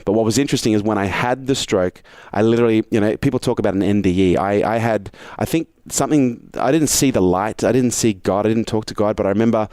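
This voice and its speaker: Man from australia, low voice, rapid animated storytelling, dry close sound. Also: clear, resonant tone, no room sound. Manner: animated, swearing, fast storytelling. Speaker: podcast guest, entrepreneur. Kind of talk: casual storytelling interview.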